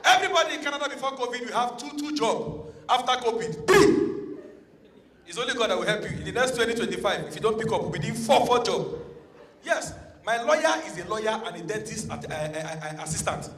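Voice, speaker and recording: A man's voice: extremely high pitch, expressive, fast, a bit bright. A man doing stand-up in a mock-indignant, teasing way. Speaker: stand-up comedian. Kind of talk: stand-up comedy to a live crowd. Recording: echoey hall.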